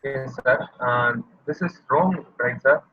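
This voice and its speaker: A man's voice: medium pitch, slow, breathy edge, dry recording. A man, a student in an online class, asking questions politely and hesitantly. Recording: distant, phone-like call audio.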